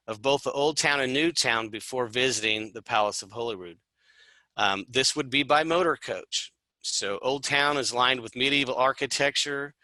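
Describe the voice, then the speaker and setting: A man walks listeners through a travel itinerary in a loose, chatty way, tossing in asides and fillers. His voice is strikingly bright and sits at a middling pitch. The sound is dry, with no room around it. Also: no echo, low-quality recording. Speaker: tour presenter. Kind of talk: informal travel presentation.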